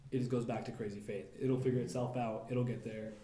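A young man reflecting on his faith in a casual group talk, relaxed and thoughtful, speaking to the others. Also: medium pitch, a little fast, few pauses, echoey room. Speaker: member of a faith sharing group.

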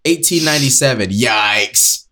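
A man's voice: mid-range voice, expressive, unhurried, pushed and bright, a little hiss or hum. Jokey rambling podcast host, man. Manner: rambling, jokey, goofy tangents. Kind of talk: casual podcast banter.

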